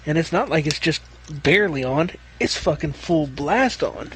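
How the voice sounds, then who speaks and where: A man's voice: a little high, lively intonation, normal speed, a bit bright, slight background noise. A man who works as a plumber, telling a long job story in casual, profane chat on a podcast. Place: remote podcast call.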